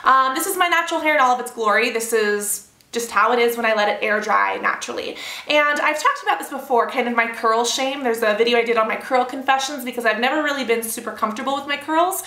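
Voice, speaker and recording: A woman's voice: on the high side, fast, pushed and bright. A young woman in her twenties chatting casually through her hair products in a bubbly, rambling vlog style. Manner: chatty, bubbly, lots of fillers and asides. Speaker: beauty vlogger. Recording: roomy echoey home room.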